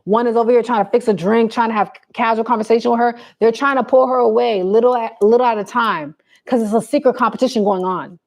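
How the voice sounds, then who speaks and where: Woman, vlogger, blunt and sassy, preachy advice, casual chat with viewers, fairly high voice. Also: fairly even intonation, fast talker, a little mellow.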